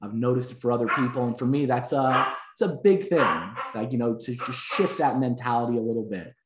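A man's voice: medium pitch, a little fast, background noise. A man, a breathwork instructor, telling stories in a reflective, earnest way during a casual interview. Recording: roomy echo.

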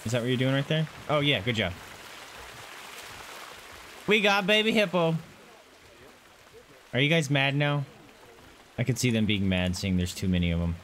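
A man's voice: medium pitch, lively intonation, moderate pace, long pauses, fairly bright tone, slight background noise. A man commenting on his own playthrough of a zoo game, who gushes over the animals in baby talk and mutters to himself through the menus. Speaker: gaming channel host.

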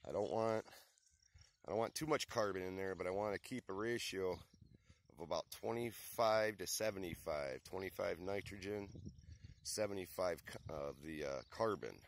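A man's voice: deep voice, normal speed. A man talking casually in an outdoor vlog, out of breath after hard work, chatty and emphatic, checking in often with "okay?". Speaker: lawn care and garden business owner. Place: open field outdoors. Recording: outdoor recording with clear background noise.

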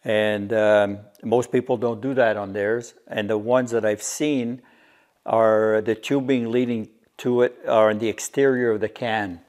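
A man's voice: fairly low pitch, fairly even intonation, unhurried, darkish tone. A man casually showing and explaining his homemade workshop gadget, walking through the technical details step by step. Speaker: DIY maker. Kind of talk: casual workshop show-and-tell.

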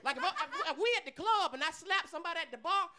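High-voiced man doing stand-up. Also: fast. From Tuscaloosa, Alabama. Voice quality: unusually high, soft voice. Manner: brash, profane, animated storytelling. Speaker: stand-up comedian. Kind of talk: stand-up comedy set. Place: comedy club stage.

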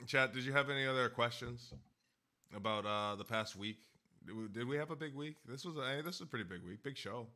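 A man's voice: medium pitch, fairly quick, bright, forceful tone. A man co-hosting a podcast, chatting casually with the stream chat and teasing his partner. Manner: teasing interjections, chatty with viewers. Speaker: co-host of a wrestling podcast. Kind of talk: casual chat with a livestream audience.

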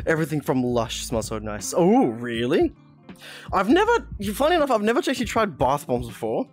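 A man's voice: on the high side, very animated, measured pace, pauses often, faint music behind. A young man streaming a VR game, chatting casually, giggling often, swearing and reading chat aloud. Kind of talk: casual live-stream chat while playing. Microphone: VR headset mic.

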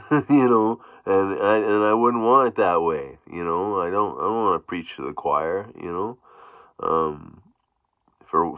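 Low-voiced man rambling in a vlog. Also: sharp tone, no room sound. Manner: rambling, halting, with frequent restarts and chuckles. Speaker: YouTube vlogger. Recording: dull, dry, lo-fi sound.

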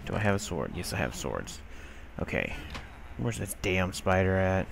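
A man's voice: low-pitched, big pitch swings, moderate pace, gravelly, background noise. A man commenting casually on a game he is playing, grumbling and scolding the characters on screen. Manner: exasperated, grumbling, talks to game characters, mild swearing. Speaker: gameplay commentator. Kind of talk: casual let's-play commentary.

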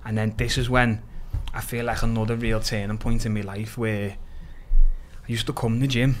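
A man from Liverpool with a Scouse accent, a podcast guest lively retelling his story with quoted dialogue and plenty of swearing. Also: fairly low pitch, moderate pace, a little hiss or hum. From Liverpool, England. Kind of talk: casual storytelling interview.

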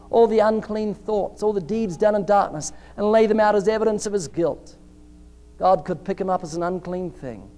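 High-voiced emphatic male preacher. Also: darkish tone. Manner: emphatic, acts out dialogue in varied voices. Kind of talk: sermon.

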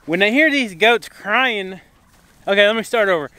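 A man's voice: sits high, lively intonation, normal speed, pushed and bright. A man hosting a casual farm vlog, chatting easily to viewers and calling his animals while he moves around a camera set down nearby in a farm shop and goat pen. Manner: easygoing, chatty, calls to animals. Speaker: farm channel host. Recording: noisy farmyard with animals in the background.

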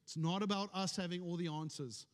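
In a church sanctuary that lends a long reverb, a high-voiced male pastor preaches his sermon, telling stories to the congregation with a chatty, playfully humorous touch. His delivery is brisk and his tone stays steady.

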